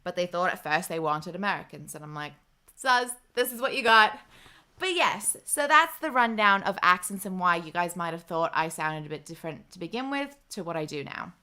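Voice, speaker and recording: A woman's voice: on the low side, animated, brisk, few pauses, sharp tone, smooth. A young Australian woman with an Australian accent, hosting a livestream in casual chat and reading viewer comments aloud. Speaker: livestream host.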